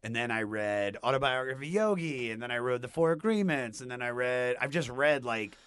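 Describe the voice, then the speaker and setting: A man telling a personal story in a casual chat, rambling and animated, with many restarts. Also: medium pitch, fairly quick, clean tone, no room sound. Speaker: podcast guest.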